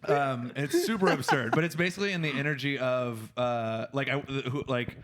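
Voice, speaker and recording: A man's voice: mid-range voice, a little fast, very noisy. A man hosting a comedy podcast, describing a sketch and acting out its characters. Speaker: podcast host. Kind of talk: casual comedy chat.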